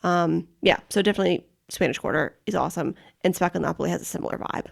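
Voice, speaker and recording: Heavily gravelly American woman. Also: fairly low pitch, quick pace. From United States. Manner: chatty, laughs easily. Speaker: podcast co-host. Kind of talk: casual travel podcast chat.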